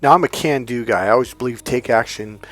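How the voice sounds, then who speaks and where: A man's voice: medium pitch, fast, a bit bright, soft background music. A male dating and relationship coach telling stories in a casual, rambling monologue full of restarts and asides.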